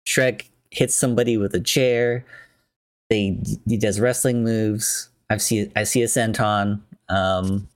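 A man with a low voice rambles through a film recap, full of fillers and asides. He speaks close to the microphone in a dry, dead room at home. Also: fairly even intonation, slow, dry recording. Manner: rambling, filler-heavy, chatty. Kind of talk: casual plot recap.

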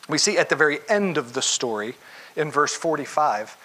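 A man preaching a conversational sermon, acting out quoted voices and dropping to a hush for gentle lines. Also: on the high side, animated, normal speed. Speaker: pastor.

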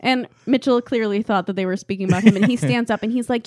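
A woman's voice: on the high side, quick pace, hardly any pauses, a little mellow. A young woman in casual chat, animatedly recapping a TV episode and acting out the characters' lines. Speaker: podcast co-host.

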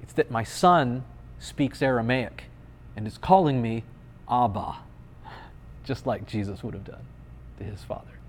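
A man's voice: mid-range voice, lively intonation, unhurried, pauses often, slight background noise. A man in his thirties, a pastor giving a conversational sermon with playful, dry humor.

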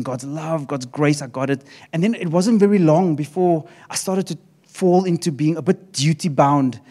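A middle-aged man preaching a sermon as pastor, animated, often repeating and restarting his phrases. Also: fairly high pitch.

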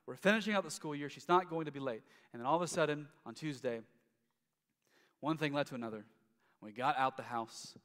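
A man's voice: medium pitch, fairly bright tone, long reverb tail. A man in his thirties preaching a sermon as pastor, in a conversational way that often restarts and repeats words.

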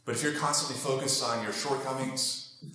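A man delivers a sermon in an earnest, conversational way, turning often to his listeners with questions. His voice sits at an ordinary middle pitch. The sound carries the echo of a roomy space. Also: fairly even intonation, moderate pace, pushed and bright, slight background noise. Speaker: pastor.

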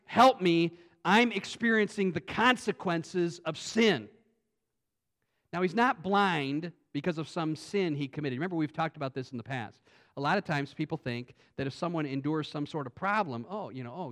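A man preaching a sermon in a conversational way, swinging between loud emphatic lines and quiet asides, often restarting his sentences. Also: fairly high pitch. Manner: frequent restarts and repetitions. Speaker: pastor.

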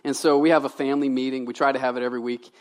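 A man in his thirties, a pastor from Louisiana, preaching a sermon in a conversational way, shifting between loud emphasis and quiet asides. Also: mid-range voice, little pitch movement, very fast.

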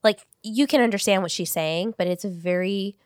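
A woman chatting casually on a podcast, telling stories with lively acted-out quotes. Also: mid-range voice, normal speed, clean tone, no echo, clean studio sound. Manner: animated, acts out family members' voices in quotes. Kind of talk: casual conversational storytelling.

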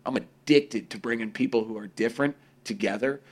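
Animated, profane man chatting casually. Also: mid-range voice, fairly quick. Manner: profane, animated, acts out quoted voices. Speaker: podcast co-host. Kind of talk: casual conversation.

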